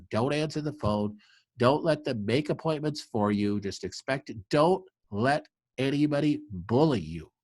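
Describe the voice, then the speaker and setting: A man's voice: medium pitch, a little mellow, no room sound. A man, a clinic doctor, answering viewer questions in a live webinar, giving earnest, emphatic advice with frequent fillers.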